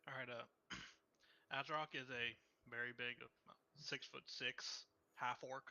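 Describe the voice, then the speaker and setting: Slow, flat-toned man describing his character. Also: mid-range voice. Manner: slow and halting, many "uh"s. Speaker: player. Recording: dull, lo-fi voice chat audio.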